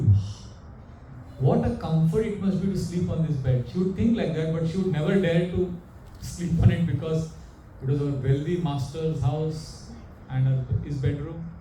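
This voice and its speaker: A man gives a sermon, telling stories and putting animated questions to his listeners. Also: a little high, slight background noise. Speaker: monk preacher. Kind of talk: sermon with storytelling. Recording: echoey room, mic far off.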